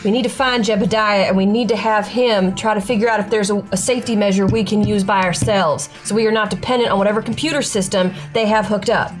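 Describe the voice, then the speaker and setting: A woman's voice: medium pitch, steady tone, quick pace, hardly any pauses, faint music behind. A woman playing in a tabletop game, asking pointed, purposeful questions. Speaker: player. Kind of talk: tabletop game role-play chat.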